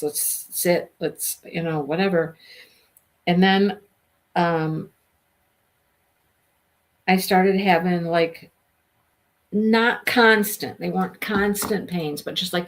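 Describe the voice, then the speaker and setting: Casting note: middle-aged woman, slightly low voice, casual vlog host, emotional storytelling with quoted dialogue.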